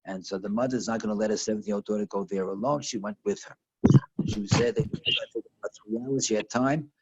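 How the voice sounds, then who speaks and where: A man teaching a lesson over a video call, telling a story in a halting way with lots of restarts and fillers. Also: fairly low pitch, wildly swooping pitch, muffled recording, background noise. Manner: halting, repeats words, many fillers.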